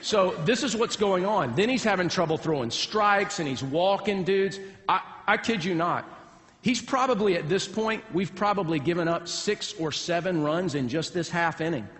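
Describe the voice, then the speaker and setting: A pastor with a fairly high man's voice tells a folksy, humorous sermon story. His pitch swings widely as he animates the tale, and a long reverb from a large church hall hangs behind him. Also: lively intonation, normal speed, fairly bright tone.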